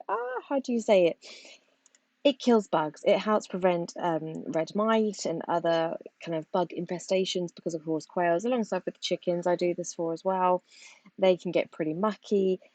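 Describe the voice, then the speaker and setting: Chatty British woman, low voice. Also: lively intonation, normal speed, darkish tone, no echo. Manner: rambling, chatty explaining while doing chores. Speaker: vlogger and backyard poultry keeper. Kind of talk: casual chatty vlog. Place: back garden outdoors. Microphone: phone held while working.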